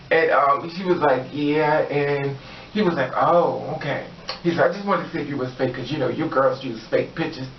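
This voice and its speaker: A man's voice: on the high side, recorded from a distance, slight background noise. A man telling a story in a casual storytime, acting out the voices of the people in it. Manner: animated, acts out the voices of the people in his story. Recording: echoey room, off-mic, slightly dull.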